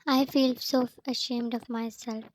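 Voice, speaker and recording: A woman reading the lines of a stubborn, tender-hearted young heroine in a storybook, in a flat, even way. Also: on the high side, measured pace, natural voice, poor audio. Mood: upset.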